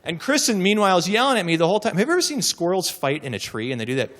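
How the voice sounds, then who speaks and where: A man giving a humorous keynote, telling stories with animated comic timing and acted voices before a live audience. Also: sits high, rapid-fire. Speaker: keynote speaker.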